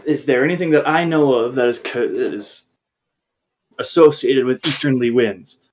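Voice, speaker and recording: A man's voice: medium pitch, normal speed, noisy background. A man playing a tabletop game, casually joking and pressing the game master with questions. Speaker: player.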